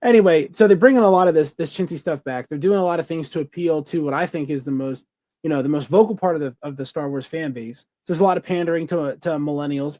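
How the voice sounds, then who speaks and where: A man's voice: on the high side, dark tone, no echo. Rambling man in casual review chat. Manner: rambling, enthusiastic, lots of fillers and restarts. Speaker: podcast co-host.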